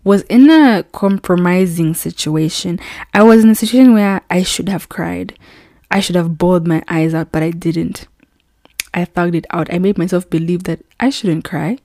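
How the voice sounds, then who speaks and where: A woman in her twenties hosting her own podcast, telling a personal story in a casual, animated way and acting out the voices of people she quotes. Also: on the low side, no room sound, studio quality. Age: 20s. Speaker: podcast host.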